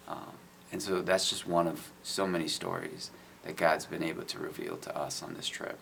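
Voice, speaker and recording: Deep gravelly earnest man. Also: steady tone, normal speed, a bit bright, slight background noise. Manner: earnest, many "you know" fillers. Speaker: guest, IT business owner. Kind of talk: casual testimony.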